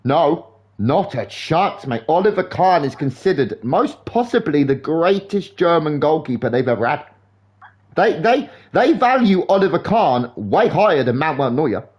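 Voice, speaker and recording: A young man streaming a game live, rambling in sweary, animated football banter. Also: a little high, moderate pace. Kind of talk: casual chat while gaming live.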